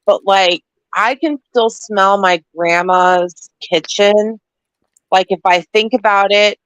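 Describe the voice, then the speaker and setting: A woman's voice: medium pitch, slow pace, clean tone, no echo, poor audio. A woman co-hosting a casual livestream chat, rambling with lots of "like".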